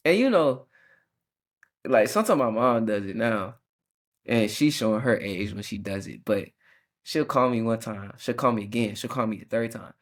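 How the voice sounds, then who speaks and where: A man's voice: mid-range voice, brisk. Young man, casual reflective podcast talk. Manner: casual slangy talk with many restarts. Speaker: podcast host. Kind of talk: reflective faith podcast monologue.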